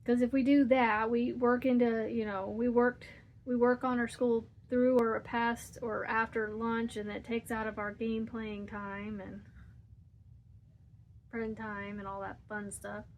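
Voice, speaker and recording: A woman's voice: a little high, fairly even intonation, measured pace, slight background noise. A woman hosting a crochet channel, chatting casually while she crochets and rambling through a story with frequent laughs.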